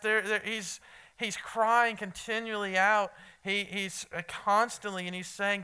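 A man's voice: high-pitched, steady tone, unhurried, bright, forceful tone, clean tone. A male pastor preaching a sermon, earnestly repeating key points and talking directly to the people in front of him. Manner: earnest preaching with emphatic repetition; talks directly to listeners in the room.

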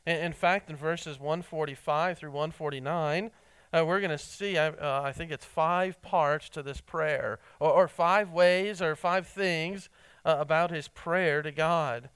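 A fairly high-voiced man preaching with earnest, stumbling intensity, restarting words again and again. His tone is smooth and clear, caught dry and close with no room sound. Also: fairly even intonation, no echo, low-quality recording. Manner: earnest, halting with many repeated words and fillers; rises in pitch and force when stressing a point, drops low and quiet when reflecting. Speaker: pastor. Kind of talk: sermon.

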